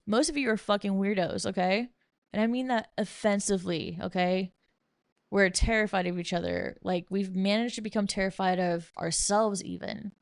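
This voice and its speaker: A woman's voice: mid-range voice, normal speed, dry recording, studio quality. A young woman hosting a podcast, ranting casually and bluntly with lots of swearing and sarcasm while reading from bullet points. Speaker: podcast host.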